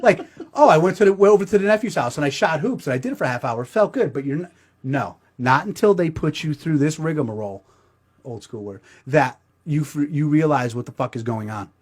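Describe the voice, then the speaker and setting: A man's voice: on the high side, expressive, a little fast, a little mellow. A middle-aged man telling a crude, self-mocking comedic story as the show's host.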